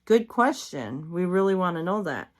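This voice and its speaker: A woman's voice: fairly low pitch, big pitch swings, moderate pace. A woman vlogging at home late at night, tired and yawning, chatting casually in a rambling way with lots of fillers and reading bits of articles aloud. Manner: rambling, repeats herself, many fillers.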